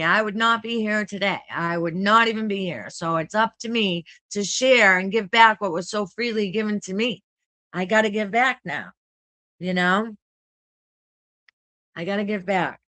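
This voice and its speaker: A woman, an artist vlogging, reading a text aloud with earnest, emotional asides and halting restarts. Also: mid-range voice, bright, forceful tone. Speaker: artist and content creator.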